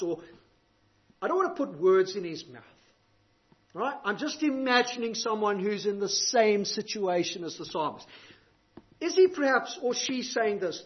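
A man's voice: sits high, lo-fi sound. A man preaching a sermon, using rhetorical questions and emphatic, varied delivery.

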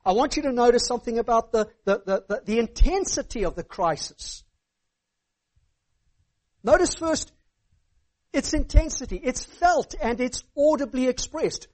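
A man's voice: very high voice, expressive, moderate pace, pauses often. Man preaching, tag questions. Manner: emphatic, asks the hearers "all right?" often. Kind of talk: sermon.

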